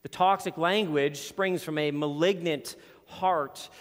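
A man preaching a sermon in a church hall with a screen behind him, earnest and emphatic, slowing down to read scripture. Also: a little high, fairly even intonation. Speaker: pastor.

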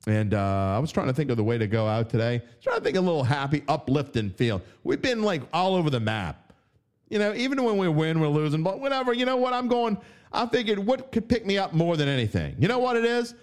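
A man's voice: a little high, sing-song, fairly quick, clear, resonant tone. A middle-aged man with a New Orleans Yat accent hosting a sports podcast, rambling and wry as he talks straight to his listeners. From New Orleans area. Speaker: podcast host. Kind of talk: casual sports podcast monologue.

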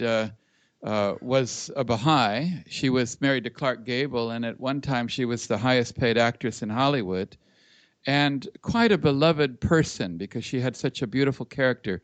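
A man from Los Angeles, a guest musician and speaker, telling a story over a video call in a measured way. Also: medium pitch, no echo. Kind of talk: storytelling in an interview.

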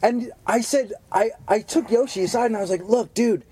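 A middle-aged man, a stand-up comedian, telling stories in casual chat, animated and swearing often. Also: very high-pitched, brisk, slightly rough.

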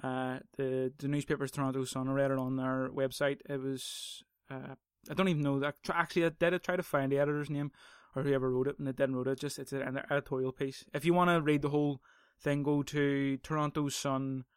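A man's voice: mid-range voice, level tone, fairly quick, smooth, no echo, clean studio sound. A young man hosting a casual solo podcast, swearing, rambling and sarcastic. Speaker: podcast host.

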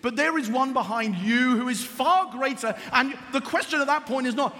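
A man preaching a sermon as an animated, emphatic storyteller. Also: very high-pitched, moderate pace, hardly any pauses, long reverb tail.

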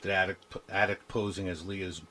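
A man hosts an interview, his lowish voice halting and filled with ums and uhs. A faint hum of background noise sits under him. He builds his questions slowly. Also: steady tone, bright, forceful tone, rough recording. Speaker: interviewer, host.

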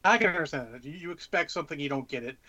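A man's voice: fairly high pitch, animated, racing, crowd noise. A man co-hosting a podcast, chatting casually, cursing freely and handing out easygoing advice. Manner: laid-back, swears freely, gives advice. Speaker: podcast co-host. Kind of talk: casual chat.

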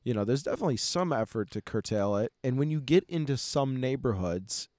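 A man's voice: mid-range voice, lively intonation, fairly quick, darkish tone, dry recording, clean studio sound. A young man telling travel stories in a casual chat, rambling and acting out quoted voices. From United States. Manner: rambling storyteller who acts out quoted voices.

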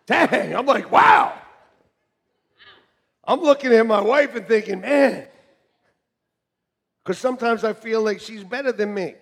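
A middle-aged man preaching a sermon to a congregation, joking and animated, swinging from shouts to quiet asides. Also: sits high, moderate pace, pauses often. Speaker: pastor. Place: church hall with congregation. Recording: long reverb of a church hall.

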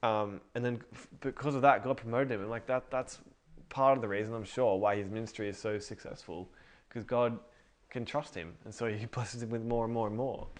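A man in relaxed conversation, his voice sitting at an ordinary middle pitch. He rambles and self-corrects, drifting into long stories about faith with a loose, unscripted flow. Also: brisk. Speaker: podcast co-host. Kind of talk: casual faith chat.

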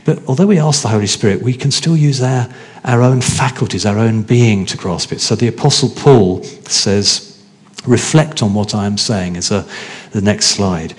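A man's voice: on the low side, moderate pace. A man preaching a sermon in a chatty, conversational way, often asking his congregation questions.

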